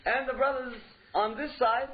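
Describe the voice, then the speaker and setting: A man's voice: extremely high pitch, fairly even intonation, normal speed. A man giving a religious lecture in an emphatic style, repeating key phrases and asking rhetorical questions. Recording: dull lo-fi recording.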